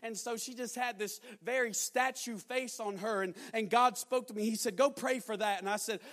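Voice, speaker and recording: A young man preaching a sermon, telling a story and building to loud, emphatic exhortation. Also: very high-pitched, fairly even intonation, moderate pace.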